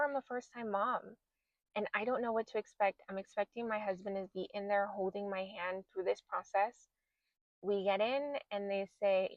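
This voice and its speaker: A woman's voice: medium pitch, no echo, highs cut off. A woman in her thirties hosting a podcast, telling a personal story in a candid, emotional way. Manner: candid, emotional, re-enacts her own past words. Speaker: podcast host.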